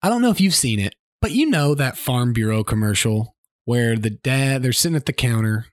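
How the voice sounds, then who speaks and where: Animated joking man, lively pitch. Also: normal speed, dry recording, studio quality. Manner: jokey, mocking, puts on silly voices. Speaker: podcast co-host. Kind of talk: casual banter.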